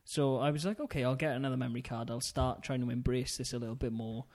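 A man chatting on a casual podcast. He rambles through his thoughts with ums and the odd laugh. His voice sits at an ordinary middle pitch. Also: fairly even intonation, fast talker, darkish tone. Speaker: podcast co-host. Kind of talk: casual chat.

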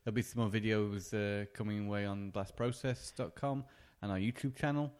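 Man, low voice, podcast co-host, halting casual talk. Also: steady tone, a little mellow, clean tone. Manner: hesitant, many restarts and fillers. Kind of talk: casual chat.

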